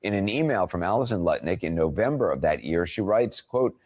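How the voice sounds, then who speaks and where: Brief: low male newsreader, formal, measured scripted report. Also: expressive, a little mellow. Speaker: news anchor. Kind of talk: scripted broadcast news report.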